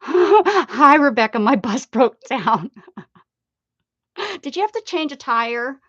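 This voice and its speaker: American lady rambling on her craft stream, kinda high voice, dry dull lo-fi sound. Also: no echo. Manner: chatty, rambling, greets viewers warmly with sing-song repeats. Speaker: craft livestream host. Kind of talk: casual chat with live chat readers.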